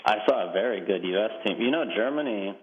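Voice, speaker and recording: A man's voice: on the low side, lively intonation, fast, phone-quality sound. A male former soccer player on a remote line as a radio guest, talking in an easygoing, wry and self-deprecating way. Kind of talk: relaxed interview.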